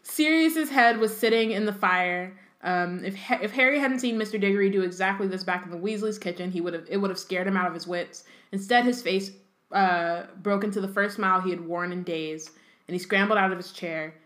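A woman's voice: mid-range voice, brisk, a bit bright. Laid-back woman in an echoey room. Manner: laid-back, laughs easily, slangy. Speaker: podcast co-host. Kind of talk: casual chat.

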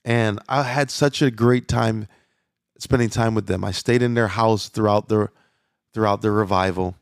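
A man's voice: on the low side, fairly even intonation, normal speed, gravelly, no room sound, studio quality. A man preaching as a pastor, talking conversationally with frequent restarts and fillers. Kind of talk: sermon.

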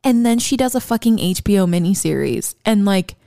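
A woman's voice: mid-range voice, lively intonation, a little fast, gravelly, dark tone, dry recording, clean studio sound. A young woman co-hosting a podcast in casual chat, enthusiastic, swearing freely and laughing often. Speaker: podcast co-host.

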